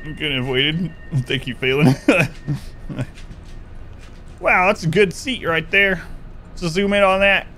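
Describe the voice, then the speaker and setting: Guy streaming a game, bit higher voice, joking around and laughing with chat. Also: takes it slowly, pauses often, bright, forceful tone, a little hiss or hum. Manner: chatty, joking, laughs often, talks to chat. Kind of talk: live gameplay commentary.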